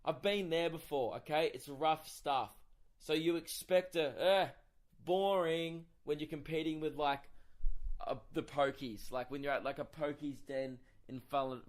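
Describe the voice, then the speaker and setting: A young Australian man, a comedian hosting his own podcast, telling a story in an animated, swearing rant that acts out both sides. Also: mid-range voice. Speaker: stand-up comedian and podcast host. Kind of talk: casual solo podcast storytelling.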